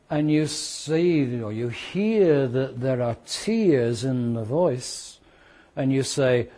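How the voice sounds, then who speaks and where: A man teaching a law class, lively and conversational, asking the students questions and walking them through made-up scenarios. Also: mid-range voice, slow. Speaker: law lecturer.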